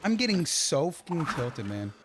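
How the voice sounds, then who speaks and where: Amid heavy background noise and game music, a man with a high-leaning voice and big pitch swings streams a platform game from his home setup at a moderate pace. He comments live, talking to himself and pleading with the game in frustration.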